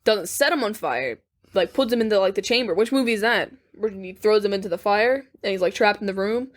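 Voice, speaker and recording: A woman's voice: mid-range voice, lively intonation, fairly quick. A woman co-hosting a podcast in casual chat, chatty and giggly, often acting out lines in silly voices. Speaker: podcast co-host.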